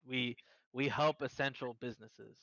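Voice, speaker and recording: A man in casual podcast chat, telling stories excitedly in slangy speech. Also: medium pitch, moderate pace, vocal fry, no room sound, lo-fi sound.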